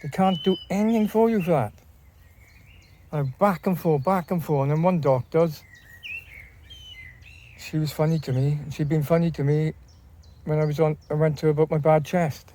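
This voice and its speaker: Male vlogger, chatty and meandering, slightly high, warm tone, faint outdoor birds. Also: fairly even intonation, normal speed, long pauses, slight background noise. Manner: rambling, repeats and restarts phrases. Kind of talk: casual talk to camera.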